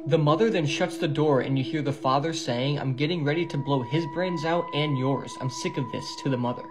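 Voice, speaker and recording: A man recounting a viral video step by step in a steady, matter-of-fact way. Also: fairly high pitch, a little fast, noisy background. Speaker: video narrator.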